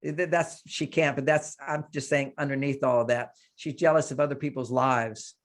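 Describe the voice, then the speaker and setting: A man's voice: medium pitch, fairly even intonation, normal speed. A man leading an emotional coaching session, emphatically voicing anger in the first person to demonstrate the exercise.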